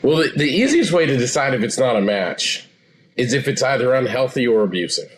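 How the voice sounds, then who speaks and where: A man in his forties, a therapist guest, explaining things in a calm, assured way. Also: medium pitch, brisk, slight background noise. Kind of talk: interview answers.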